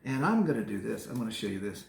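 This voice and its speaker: A chatty man teaching kids an art project, his voice gravelly and full of lively ups and downs. He talks young viewers through each step in an echoey room. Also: fairly low pitch, fast talker. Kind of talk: casual art lesson demonstration for kids.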